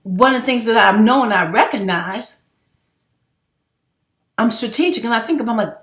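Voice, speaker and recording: A woman's voice: on the high side, normal speed, pauses often, a bit bright. A middle-aged woman vlogging in a casual, rambling monologue, emphatic and full of swearing. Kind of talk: casual unscripted monologue to camera. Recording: roomy echo.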